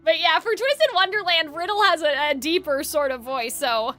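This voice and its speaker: Young woman game streamer, chatty and rambling, very high bright voice. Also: normal speed. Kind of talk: casual game commentary. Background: faint game music.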